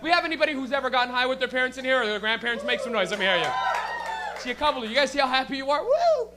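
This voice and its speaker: High-voiced, profane young stand-up comic. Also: male voice, racing. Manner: loose, profane, crowd-teasing banter. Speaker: stand-up comedian. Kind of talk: stand-up crowd work.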